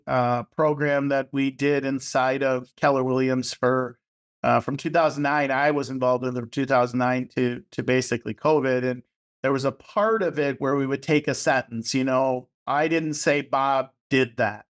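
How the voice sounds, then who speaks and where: A man's voice: medium pitch, fairly even intonation, moderate pace, clean tone. A man hosting a podcast, chatting casually, affirming his guest and leading into questions. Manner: affirming, chatty, asks warm open questions. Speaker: podcast host. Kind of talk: casual interview conversation.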